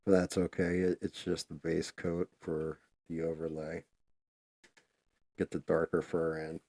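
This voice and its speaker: A man's voice: rumbling low, monotone, a little slow, mellow, dry recording. A man hosting a live stream, chatting casually and swearing freely while he paints. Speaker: livestream host.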